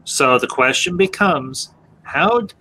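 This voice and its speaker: A man's voice: fairly high pitch, expressive, takes it slowly, sharp tone, a little hiss or hum, rough recording. A man hosting a casual discussion, speaking animatedly, posing questions and restarting his sentences. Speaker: podcast host moderating a discussion.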